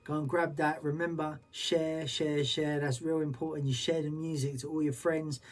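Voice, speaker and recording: A man's voice: fairly high pitch, level tone, normal speed. A man hosting as a DJ, chatting casually and upbeat, with loose slangy talk. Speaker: DJ and show host. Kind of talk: casual livestream chat.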